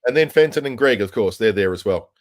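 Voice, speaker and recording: A man's voice: fairly low pitch, expressive, quick pace. An Australian man co-hosting a casual chat, bantering in a wry, easygoing way. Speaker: podcast co-host.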